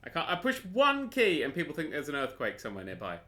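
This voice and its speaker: A man's voice: a little high, wildly swooping pitch, fast, pushed and bright. A man hosting a podcast in casual chat, rambling and swearing freely. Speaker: podcast host. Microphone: desk mic, clicky keyboard nearby.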